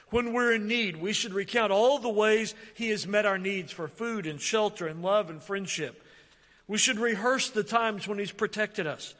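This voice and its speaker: Bright-voiced preacher man in a hall. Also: high-pitched. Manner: emphatic preaching, swinging from loud to quiet. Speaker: pastor. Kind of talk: sermon.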